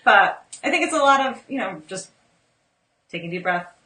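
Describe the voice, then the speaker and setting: A woman speaking as a guest postpartum care educator in a casual interview, relaxed and informative with many ums. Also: medium pitch, normal speed. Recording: echoey room, distant mic.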